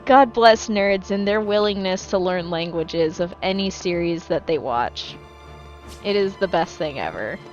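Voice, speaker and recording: A woman's fairly low voice, lively in intonation and unhurried, comes through a muffled recording with faint music in the background. While gaming live, she talks loosely with her audience, cursing freely, wandering off topic, and frequently fixing what she says partway through.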